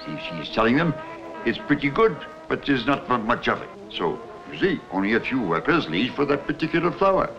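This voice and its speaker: An actor playing an elderly male scientist who explains the language of bees in halting, stilted phrasing, from an old film clip. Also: mid-range voice, very animated. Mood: explaining. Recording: dull film clip audio with faint music.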